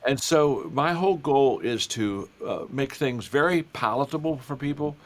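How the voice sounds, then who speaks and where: An older man, a guest author in an interview, speaking in a warm storytelling way with frequent repeated words. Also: mid-range voice, expressive, normal speed. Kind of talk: conversational interview.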